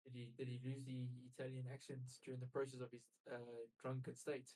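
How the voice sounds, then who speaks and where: A man's voice: mid-range voice, completely flat delivery, fast talker, warm tone, rough recording. A young man playing a druid in a tabletop game, hesitant and joking, with many fillers. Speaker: player.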